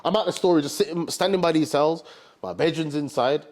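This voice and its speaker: Animated young man telling a story. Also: fairly high pitch, a little fast. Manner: animated, slangy, repeats bro and fam. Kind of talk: casual storytime.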